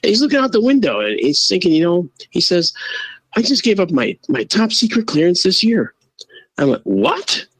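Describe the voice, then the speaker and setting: A man guest telling a casual, animated story and acting out the quoted voices. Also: high voice, fairly quick, husky, dry recording, rough recording. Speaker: guest, astronomer and photo-video analyst.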